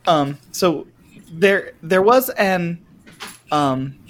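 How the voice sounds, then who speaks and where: A man's voice: a little high, lively intonation, very slow, a bit bright, a little hiss or hum. A man co-hosting a casual podcast, rambling and searching for his words. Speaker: podcast co-host. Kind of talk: casual chat.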